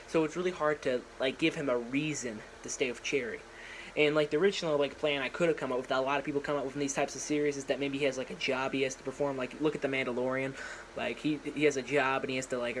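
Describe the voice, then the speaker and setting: A man's voice: mid-range voice, fairly bright tone, a little hiss or hum, low-quality recording. A young man casually retelling his story idea on a phone vlog, rambling with lots of fillers and restarts and briefly acting out characters' lines. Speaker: vlogger. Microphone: phone propped up.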